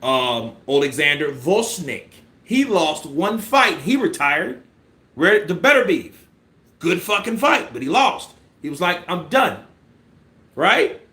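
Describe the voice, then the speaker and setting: A man's voice: a little high, slow pace, roomy sound. A man giving casual, profane boxing commentary on a live stream, acting out punch combinations. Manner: animated, profane, acts out punch sequences.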